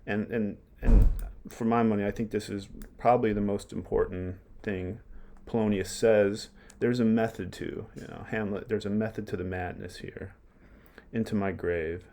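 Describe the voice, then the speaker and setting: A man's voice: lowish voice, steady tone, moderate pace, creaky, mellow. A man casually explaining a play, in a chatty way with fillers and self-corrections.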